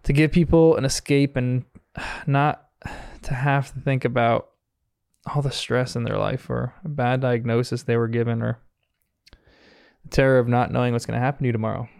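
A man's voice: medium pitch, steady tone, moderate pace, vocal fry, darkish tone, clean tone, no room sound, clean studio sound. An American man hosting a podcast, talking in an earnest, reflective way as he recaps a cartoon episode, chuckling often. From United States. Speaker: podcast host.

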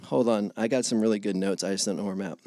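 A man preaching a casual, animated sermon to his congregation, acting out little dialogues with God. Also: fairly low pitch, quick pace, dry recording, studio quality. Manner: animated, acts out God and listeners in voices.

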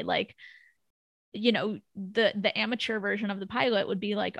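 A woman with a middle-pitched voice gives opinionated, casual analysis on a podcast. She talks in quick bursts, and her voice sounds close and dry, with no room sound. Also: fairly even intonation, vocal fry, fairly bright tone, no room sound. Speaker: podcast co-host. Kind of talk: casual chat analyzing a TV pilot.

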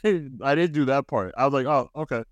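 Dude chatting on a podcast, mid-pitched voice, laughs a lot, dry close sound. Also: male voice, expressive, no echo. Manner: laughs often, quick reactions, loose storytelling. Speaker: podcast co-host. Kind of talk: casual chat.

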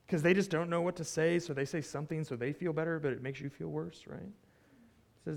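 A man preaching a conversational sermon, retelling a scripture story with animated asides and frequent "right?" check-ins. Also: a little high, normal speed, gravelly, long pauses. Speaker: pastor.

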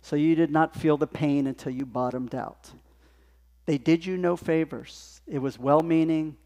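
A male pastor preaching a sermon in a conversational, animated storytelling manner. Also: fairly high pitch, unhurried, big-room sound. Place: church sanctuary.

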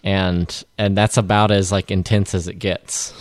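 A man's voice: deep voice, flat delivery, a little slow, no echo, studio quality. A man in casual conversation about a film, talking in a rambling, chatty way with frequent restarts. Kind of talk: casual film review chat.

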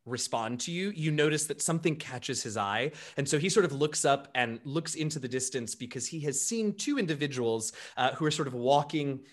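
A man's voice: a little high, animated, a little fast, hardly any pauses. Chatty man running a tabletop game. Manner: chatty, many fillers and restarts. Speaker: game master.

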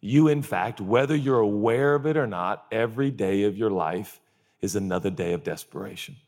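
A man's voice: moderate pace, gravelly, a little mellow, long reverb tail. A man in his forties, a pastor giving a sermon, who mixes comic storytelling and acted-out quotes with earnest questions. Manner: comic storytelling, acts out groans and quotes in a high voice.

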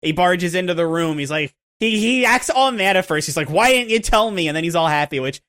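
A man's voice: fairly high pitch, a little fast. A man co-hosting a podcast, talking animatedly about a film and acting out lines from it. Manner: animated, acts out characters' lines. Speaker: podcast co-host. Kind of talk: casual film discussion.

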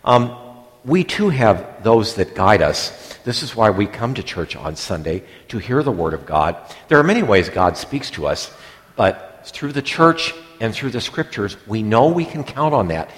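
A middle-aged priest preaches with a rather low voice, chatty and digressive, now and then acting out the words of the people in his story. His voice rings with the long reverb of a church hall. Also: big pitch swings, normal speed, a bit bright. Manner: conversational, digressive, acts out quoted lines. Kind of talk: sermon.

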